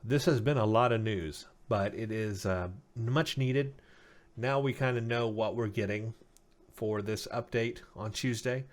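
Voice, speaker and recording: A man with a lowish voice hosts a casual gaming news update. He sounds tired and worn from a long session, as if his voice is going. He talks loosely with frequent ums and uhs while reading out lists of stats. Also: unhurried. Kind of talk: casual game news commentary.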